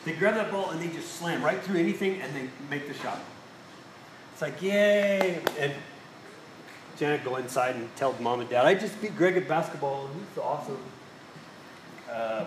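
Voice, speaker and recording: Here a man preaching in a mid-range voice mixes storytelling with rhetorical questions for his congregation. There's background noise, and the echoey hall adds a faint ambience.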